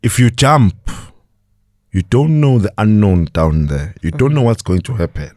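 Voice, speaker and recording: A South African podcast guest with a lowish voice speaks at a measured pace, recorded cleanly in a studio with no echo. In a casual interview he tells stories with animation, acting out the voices of people he quotes and laughing often.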